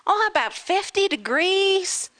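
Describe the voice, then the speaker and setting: Chirpy, bossy American wife, high and bright, drawn out as a woman puts her on. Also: big pitch swings, takes it slowly, exaggerated voice. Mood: chirpy insistent.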